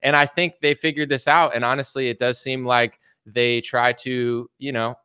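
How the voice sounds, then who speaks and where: Bright, animated man chatting. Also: mid-range voice, clean tone, dry recording, studio quality. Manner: animated, rambling, laughs often. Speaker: host. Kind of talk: casual political commentary chat.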